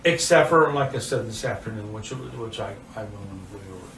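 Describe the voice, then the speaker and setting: A man's voice: lowish voice, animated, vocal fry, a crowd in the background. Hesitant older man, distant roomy audio. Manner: hesitant, halting, repeats words. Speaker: man confronted in a sting video.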